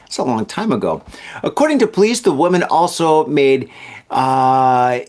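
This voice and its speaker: A man's voice: mid-range voice, sing-song, normal speed, darkish tone. A man hosting a podcast, reading odd news stories and riffing on them with joking asides. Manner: reads headlines then riffs with laughing asides. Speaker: podcast host. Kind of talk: jokey news commentary podcast.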